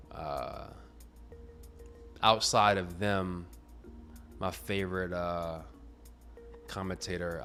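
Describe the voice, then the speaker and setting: A man with a very low voice chats about tennis in a loose, rambling way, stumbling and restarting his sentences. He sounds a little sleepy, and faint music plays behind him. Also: fairly bright tone. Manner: rambling, self-correcting, chatty. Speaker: tennis video creator. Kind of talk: casual tennis talk to camera.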